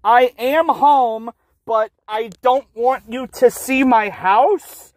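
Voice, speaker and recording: A man's voice: extremely high pitch, slow. A man streaming live from his phone, rambling and teasing his chat in a goofy, playful way. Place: car, then home.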